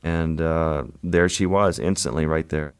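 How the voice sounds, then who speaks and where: A man with a deep, low voice recounts an adventure in the water as an interview guest. He tells it vividly and without hurry. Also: steady tone, smooth. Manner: vivid, unhurried storyteller. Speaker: wildlife photographer guest. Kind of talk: storytelling interview.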